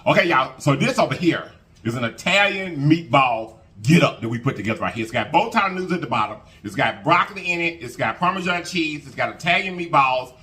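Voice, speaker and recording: This mukbang host is a man whose voice sits on the higher side and moves a little quickly. His casual eating vlog has a folksy, chatty, lively feel, and he hums while he eats.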